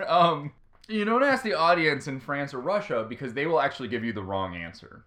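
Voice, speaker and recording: Podcast guy rambling about game shows, bright voice, pitch all over the place. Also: lively intonation, normal speed. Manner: rambling, laughing, many fillers. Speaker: podcast co-host. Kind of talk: casual comedy chat.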